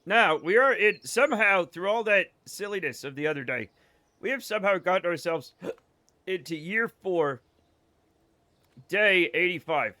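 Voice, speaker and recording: A man's voice: high-pitched, expressive, measured pace, pauses often, sharp tone, no echo. A man with a faded Boston accent, joking and swearing through casual gameplay commentary on a live stream and laughing often. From Boston area.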